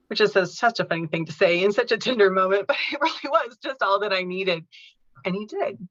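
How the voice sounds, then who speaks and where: A woman telling a personal caregiving story in an interview, speaking earnestly and gently. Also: medium pitch, animated, brisk, dry recording, muffled recording. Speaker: podcast guest, caregiving author.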